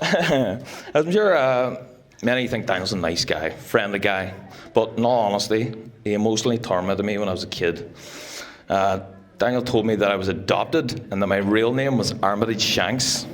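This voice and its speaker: A man's voice: fairly low pitch, normal speed. A young man giving a joking, teasing best man speech at a wedding. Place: wedding reception room.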